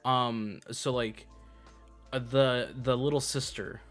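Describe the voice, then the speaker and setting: A man's voice: mid-range voice, fairly even intonation, slow, soft background music. A man co-hosting a podcast, talking casually and hesitantly about a book. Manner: hesitant, many fillers and restarts. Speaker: podcast co-host.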